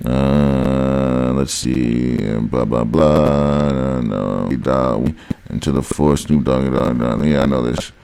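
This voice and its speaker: A man's voice: very deep voice, slow pace, creaky, mellow, smooth. A man vlogging a heated, repetitive rant straight to his viewers, often calling them guys. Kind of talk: ranting monologue to camera.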